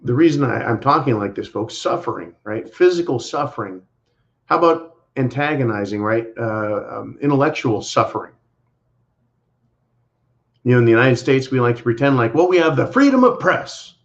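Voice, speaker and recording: A man's voice: mid-range voice, normal speed, creaky. A man co-hosting a livestream, giving casual political commentary in an emphatic, repetitive way and speaking to viewers as "folks". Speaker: livestream co-host. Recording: dull lo-fi livestream audio.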